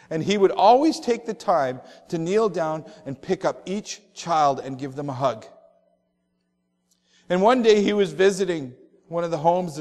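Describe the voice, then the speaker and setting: A male pastor preaching a sermon, telling stories and slowing down on emphatic phrases. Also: high voice, a little mellow, big-room sound.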